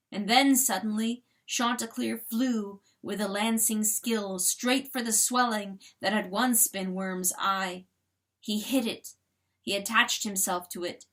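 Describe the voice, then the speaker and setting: A woman giving a slow, intense dramatic reading of a novel as the channel's reader. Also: medium pitch. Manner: slow, intense, expressive narration. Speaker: audiobook reader.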